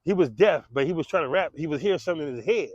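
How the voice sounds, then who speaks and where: A man's voice: on the high side, lively intonation, racing, dry recording, muffled recording. A man telling a true story in casual street style, slangy and profane, acting out gunshots and the voices of others.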